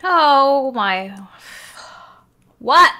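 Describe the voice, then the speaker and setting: Brief: bright, slow-talking woman reacting to a show, soft music underneath. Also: high-pitched. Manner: excitable exclamations and running commentary. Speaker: reaction video host. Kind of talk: casual reaction commentary.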